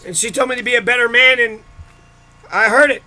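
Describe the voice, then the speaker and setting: Guy ranting mad about his childhood, real high bright voice, cussing a lot. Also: a little fast. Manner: profane, bitter, ranting. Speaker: vlogger. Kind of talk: angry personal rant.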